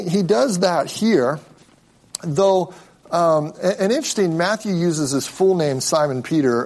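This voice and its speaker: A man teaching a Bible study in a relaxed, conversational way, explaining as he goes and often restarting his sentences. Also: medium pitch.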